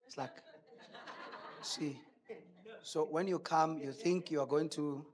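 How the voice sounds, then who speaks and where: A man's voice: on the high side, fairly even intonation, takes it slowly. A male preacher delivering a sermon emphatically, asking rhetorical questions.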